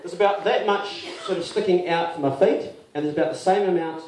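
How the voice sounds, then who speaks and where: A New Zealand man performs a comic story live, slipping into other people's voices as he goes. His voice sits fairly high. He is heard from a distance in a roomy, echoing venue, and the audience sounds come through clearly. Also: a little fast, background noise. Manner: animated, acts out other people's lines. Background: audience laughter.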